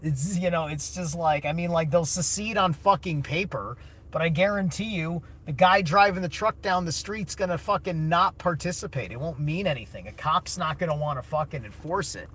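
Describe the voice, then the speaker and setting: A man's voice: fairly high pitch, normal speed, a bit bright, breathy edge. A man streaming a blunt, casual, opinionated monologue, swearing heavily and answering chat.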